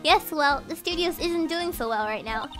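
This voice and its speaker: Nervous young studio assistant, read by a woman, polite, high and animated voice. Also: normal speed, loud music behind the voice.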